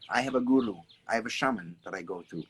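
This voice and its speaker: A man hosting a casual live stream outdoors, reading viewer comments, greeting people by name and talking in an animated, repetitive way with some swearing. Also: fairly low pitch, fast talker, background noise. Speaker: artist and creative coach hosting a live stream. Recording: birds chirping clearly in the background.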